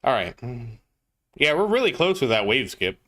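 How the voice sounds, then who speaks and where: Lively, bright-voiced man streaming a game. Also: mid-range voice, moderate pace. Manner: chatty, greets chat viewers by name. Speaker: gaming livestreamer. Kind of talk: casual gameplay commentary.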